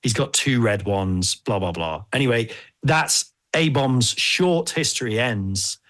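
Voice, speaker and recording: A man hosting a podcast, chatting casually in an animated, rambling, jokey way. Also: medium pitch, unhurried. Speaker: podcast host.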